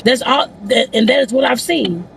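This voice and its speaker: Gravelly, blunt-spoken woman vlogger. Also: a little high, normal speed, slight background noise. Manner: blunt, outspoken, addresses viewers as y'all. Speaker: vlogger giving life advice. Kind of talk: casual talking-head vlog. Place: inside a car.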